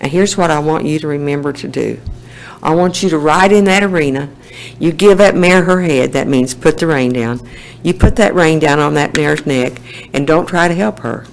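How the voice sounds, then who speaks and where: A woman doing a gruff old horse trainer, folksy. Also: sits low, normal speed, a little hiss or hum, rough recording. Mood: coaxing. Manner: folksy, coaxing drawl.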